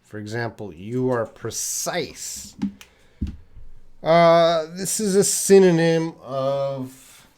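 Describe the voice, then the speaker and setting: Canadian guy teaching english live, slow and patient, reads out chat names, lots of uh's. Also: fairly high pitch, a little mellow, clean tone. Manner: slow, patient, repeats student names and pauses with uh; drinks tea while talking to the camera. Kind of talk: live-stream English lesson answering chat questions.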